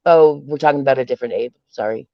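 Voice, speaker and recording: A man's voice: medium pitch, quick pace, no room sound, muffled recording. A man calling into a stream, chatting casually, rambling and hunting for words. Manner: rambling, hesitant, searching for words. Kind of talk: casual chat.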